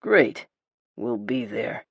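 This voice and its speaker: A woman doing a low, growly young man. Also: big pitch swings, very slow, creaky, slightly rough, no room sound, dull audio, exaggerated voice. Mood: teasing.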